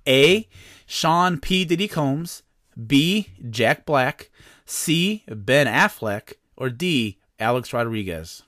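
A man's voice: mid-range voice, lively intonation, slow pace, fairly bright tone, dry recording, studio quality. A man hosting a comedy podcast, reading quiz questions in a playful, mock-serious way. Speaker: podcast host.

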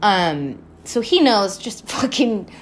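A woman's voice: medium pitch, big pitch swings, takes it slowly, slight background noise. A woman hosting a podcast, recapping a TV show in a rambling, casual way, swearing a lot and laughing often. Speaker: podcast host.

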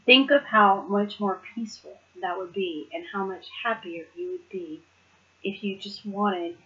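A woman's voice: medium pitch, a little slow, fairly bright tone, muffled recording. A woman giving a casual, earnest devotional talk. She reads scripture aloud and reflects on it, often laughing lightly between points. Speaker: Bible study speaker.

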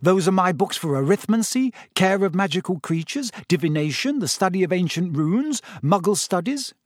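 A man voicing a sharp, earnest teenage girl witch. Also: high-pitched, animated, normal speed, dry recording, studio quality, pitched above the performer's own voice. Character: earnest teenage boy, know-it-all witch. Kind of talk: audiobook character voice.

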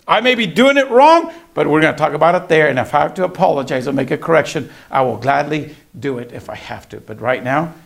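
Gravelly preacher telling a family story. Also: male voice, fairly high pitch, expressive, quick pace, few pauses. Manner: storytelling, acts out family dialogue. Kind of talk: sermon.

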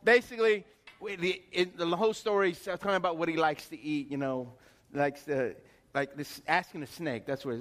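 A middle-aged man preaching a sermon in a folksy, animated way, with chatty asides to the congregation. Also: medium pitch, brisk, big-room sound. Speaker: pastor.

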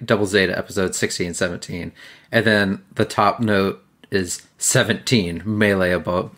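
A man's voice: fairly low pitch, fairly bright tone. A man hosting a casual podcast, rambling and self-deprecating with plenty of fillers. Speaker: podcast host.

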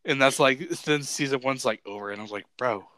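A man's voice: medium pitch, fast talker, smooth, dry recording. Cursing young man, dry close sound. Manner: profane, excitable, slangy. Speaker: podcast co-host. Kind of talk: casual show review chat.

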